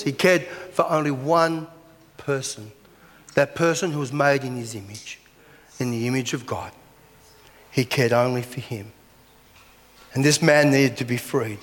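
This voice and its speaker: A man's voice: medium pitch, moderate pace, pauses often, fairly bright tone. A man preaching a sermon as pastor, chatty, with lots of rhetorical questions. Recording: echoey hall.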